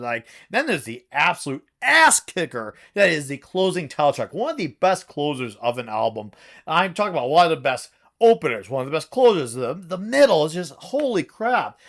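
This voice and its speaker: A man reviewing his favorite metal albums in a casual vlog, talking in an excitable, gushing way with sudden outbursts and casual swearing. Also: fairly high pitch, vocal fry.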